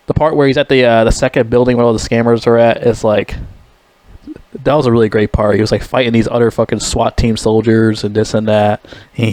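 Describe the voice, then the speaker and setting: A man's voice: mid-range voice, a little mellow, no room sound. A young man giving a casual movie review, rambling, blunt and full of swearing. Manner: rambling, heavily profane, blunt.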